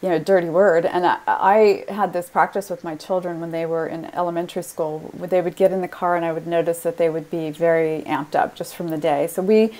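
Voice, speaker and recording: A woman's voice: fairly low pitch, fairly even intonation, a little fast, hardly any pauses, warm tone. A middle-aged woman hosting an interview, reflective and affirming. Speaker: interview host. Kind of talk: conversational interview.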